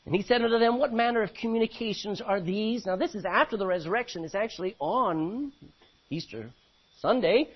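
A man preaching a sermon, animated, acting out voices from the scripture he reads. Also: sits high, fairly quick, slightly rough. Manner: animated, acts out biblical voices. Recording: dull lo-fi recording.

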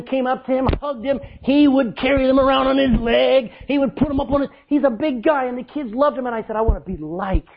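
A man preaching a sermon, telling stories loudly and acting out what people said. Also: very high voice, dull audio. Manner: loud, animated preaching with acted-out quotes. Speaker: pastor. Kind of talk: storytelling sermon.

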